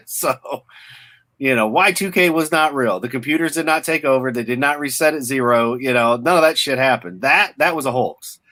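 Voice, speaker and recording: A man's voice: mid-range voice, expressive, moderate pace, bright, forceful tone. A man co-hosting a casual stream chat, blunt and ranting, with heavy profanity.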